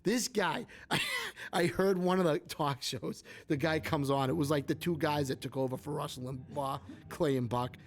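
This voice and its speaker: A man's voice: fairly high pitch, moderate pace. A man co-hosting a casual political podcast, rambling and filling his talk with "like.". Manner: rambling, heavy use of "like". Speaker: podcast co-host.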